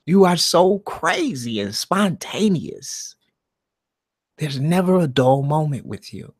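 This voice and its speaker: A man hosting a live stream alone, talking in a slow, meditative monologue that swings from loud emphasis down to a near-whisper. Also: a little high, very animated. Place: alone at home.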